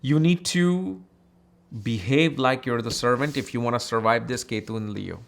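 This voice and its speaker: A man from India teaching astrology in a casual, animated, conversational way, acting out people in his anecdotes. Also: mid-range voice, normal speed, creaky.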